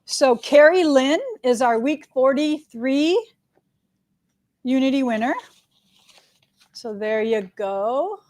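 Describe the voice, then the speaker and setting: A woman's voice: high voice, slow pace, pauses often, a little mellow. A middle-aged woman, hosting a casual live stream for her quilt shop and running through announcements in a chatty, upbeat way. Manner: chatty and upbeat, lots of "all right" and "right?".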